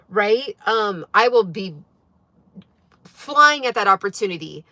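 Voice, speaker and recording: This woman's voice is medium-pitched, expressive and sharp in tone, at normal speed with no room sound. Hosting a casual livestream for her wellness channel, she speaks earnestly to viewers with heavy fillers, strong emphasis and repeated "right?" questions.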